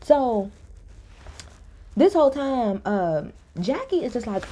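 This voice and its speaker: A woman's voice: fairly high pitch, animated, takes it slowly, pauses often, dark tone, a little hiss or hum. A woman recapping a reality show in a casual, blunt, opinionated way, swearing freely.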